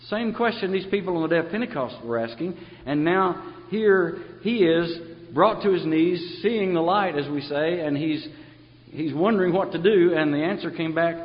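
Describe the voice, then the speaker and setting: Man preaching, slightly high voice, long hall reverb, dull lo-fi sound. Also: normal speed. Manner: conversational preaching, acts out quoted voices. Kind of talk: sermon.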